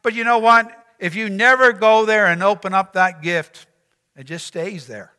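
High, bright-voiced man preaching. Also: moderate pace, clean tone, big-room sound. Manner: earnest, repeats phrases and asks rhetorical questions. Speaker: pastor. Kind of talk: sermon.

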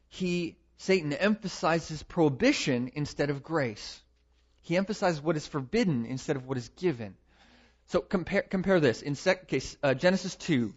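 A man preaching a sermon, emphatic, building to loud stresses and repeating his words. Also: medium pitch. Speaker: pastor. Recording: dull lo-fi recording.

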